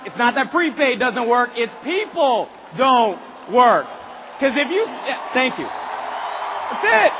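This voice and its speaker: A man giving an animated motivational speech to a large convention crowd, asking the audience rhetorical questions and acting out voices. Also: extremely high pitch, long reverb tail, slight background noise. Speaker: motivational speaker at a sales convention. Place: large arena convention hall.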